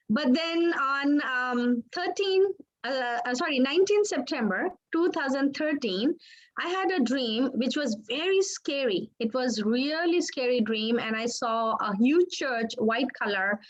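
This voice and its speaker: High-voiced woman, earnest and halting. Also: muffled recording. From Pakistan. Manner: earnest, halting, with restarts and repeated words. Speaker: interview guest, author. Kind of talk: personal testimony.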